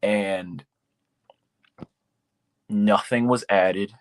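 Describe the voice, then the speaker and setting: A man's voice: lowish voice, steady tone, very slow, clean tone. A blunt, slangy man judging a slam. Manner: candid, slangy, joking. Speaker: judge. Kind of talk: blunt live critique.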